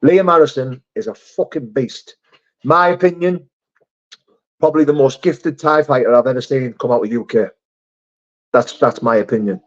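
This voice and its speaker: A man hosts a casual live stream, reading viewer comments aloud and answering with frank, sweary chat. His medium-pitched voice moves at a moderate pace with long pauses, and the lo-fi stream audio sounds slightly dull.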